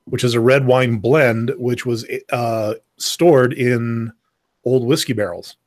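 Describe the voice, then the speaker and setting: A man co-hosting a casual podcast, talking in halting starts with repeated words and fillers. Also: medium pitch, fairly even intonation, dry recording. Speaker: podcast co-host. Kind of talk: casual chat.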